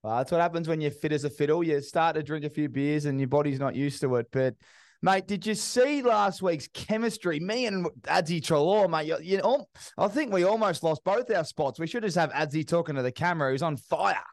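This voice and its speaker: A man's voice: a little high, animated, brisk, no echo. An Australian man hosting a casual sports podcast, chatty and upbeat with matey banter. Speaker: podcast host.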